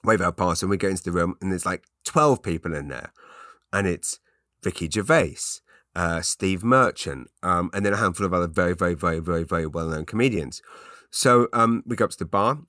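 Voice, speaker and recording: A man's voice: low voice, fairly quick, bright, forceful tone, no echo, studio quality. A man with an English accent hosting a podcast, telling a rambling comic story full of restarts and put-on voices. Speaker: podcast host. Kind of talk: solo comedic ramble.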